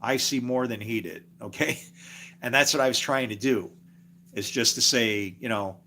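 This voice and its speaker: A man's voice: medium pitch, normal speed, sharp tone. Guy rambling on his stream, chuckles a lot, gets a bit preachy. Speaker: livestreamer. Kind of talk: casual live stream monologue.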